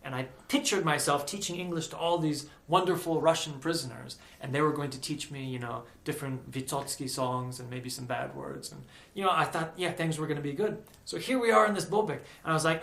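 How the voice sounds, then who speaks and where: A man telling a personal story in a casual, animated vlog, peppered with "like". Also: a little high, fairly quick, creaky, hardly any pauses, reverberant. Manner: animated, chatty, lots of "like".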